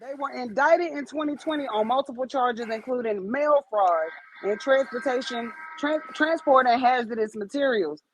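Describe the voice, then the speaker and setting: A woman's voice: a little high, normal speed, slight background noise, rough recording. A woman co-hosting a comedy podcast, reading news stories aloud with blunt, profane, chatty commentary. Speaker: podcast co-host.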